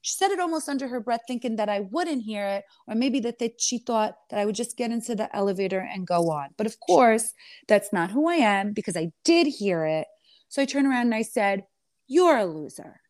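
A woman reality TV star in an interview, telling her side of a clash in a sassy, animated way and calling the listener honey. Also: a little high, brisk, no echo, clean studio sound. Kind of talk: candid storytelling interview.

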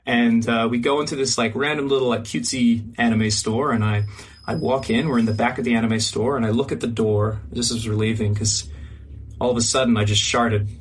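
Man telling an animated podcast story. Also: mid-range voice, a little fast, a little hiss or hum. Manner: animated, acts out quoted voices, swears freely. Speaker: podcast guest. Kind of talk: casual storytelling.

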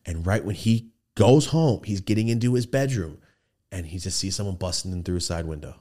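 Deep-voiced and brisk, the man behind the podcast mic relates a profane story from the streets. He keeps it casual and lively, voicing the quotes and imitating gunfire in the studio.

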